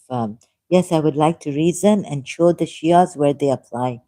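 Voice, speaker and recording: On her own channel, a woman with a low, mellow voice reads a text aloud and comments on it in casual vlog style. She goes slowly and deliberately, pausing now and then for apologetic asides. The audio is close and dry, recorded in a dim room with no room sound.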